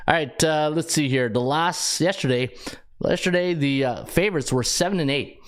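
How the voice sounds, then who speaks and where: A man's voice: fairly high pitch, normal speed. A middle-aged man with a Canadian accent hosting a sports betting podcast, chatting to viewers by name between rattled-off stats. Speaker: host, sports handicapper.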